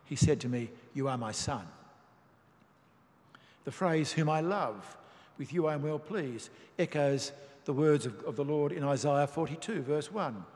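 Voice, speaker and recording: A man preaching a sermon, reading and explaining scripture in a measured, emphatic way. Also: on the high side, lively intonation, darkish tone. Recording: long reverb of a large hall.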